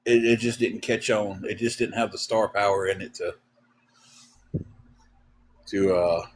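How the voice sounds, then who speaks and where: Man, low-pitched, rambling casual livestream host. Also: fairly even intonation, a little hiss or hum. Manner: rambling, halting, many fillers. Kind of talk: casual storytelling chat.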